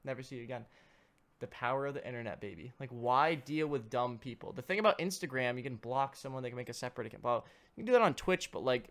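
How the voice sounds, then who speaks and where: A young man co-hosting a podcast, telling stories in casual chat, swearing often and speaking with animated energy. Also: medium pitch, quick pace. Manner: profane, animated storytelling. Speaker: podcast co-host.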